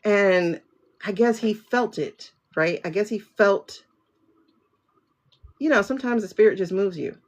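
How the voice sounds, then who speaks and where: A woman's voice: medium pitch, measured pace, long pauses. A woman hosting a spiritual livestream, chatting casually and talking straight to her viewers. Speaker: livestream host, tarot reader.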